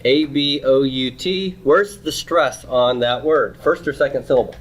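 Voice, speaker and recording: A man with a mid-range voice, speaking a little slowly, takes his students through Hebrew grammar one step at a time. He often restarts or repeats phrases and keeps asking "okay?" and "right?" during the lecture.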